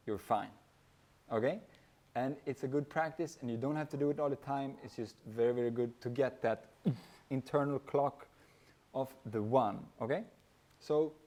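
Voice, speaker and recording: A man giving a relaxed drum lesson, counting beats aloud and singing the rhythms as he plays. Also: mid-range voice. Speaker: drum teacher. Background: hand drum playing.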